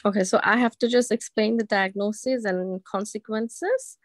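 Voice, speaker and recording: A woman's voice: medium pitch, moderate pace, no room sound. A woman doctor doing a practice exam role-play over a video call, hesitant with many fillers.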